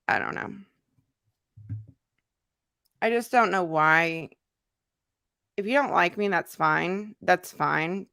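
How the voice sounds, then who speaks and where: A woman's voice: lowish voice, gravelly, fairly bright tone, no echo, clean studio sound. A woman hosting her own commentary channel, talking casually and earnestly to her viewers, with frequent fillers and restarts. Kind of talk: casual talk to camera.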